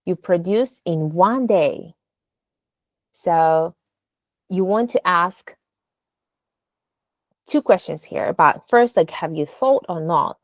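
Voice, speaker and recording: A woman speech coach talks at an unhurried, deliberate pace in a fairly low voice, modelling how the voice should rise and fall on sample phrases. She is patient and instructional and leans on small fillers as she explains each point. The sound is dry and close. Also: no room sound. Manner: demonstrative, exaggerates rising and falling intonation in examples. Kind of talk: instructional lesson on delivery.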